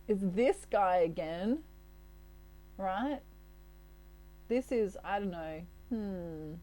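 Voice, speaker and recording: A woman's voice: mid-range voice, expressive, drawn-out words, long pauses, warm tone, rough recording. A woman giving a casual tarot reading, chatty and playful, laughing often. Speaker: tarot reader.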